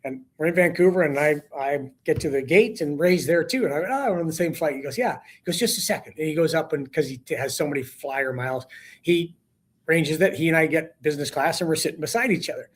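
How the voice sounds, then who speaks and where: A man, a hockey broadcaster guest, telling a story on a talk show in an animated way and acting out quotes with a rising voice. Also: a little high, a little fast.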